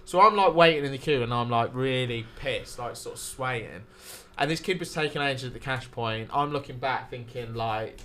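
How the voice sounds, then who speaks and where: A man's voice: mid-range voice, fairly quick, sharp tone. A man, a podcast guest telling a rambling night-out story with swearing and laughter. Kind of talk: casual storytelling.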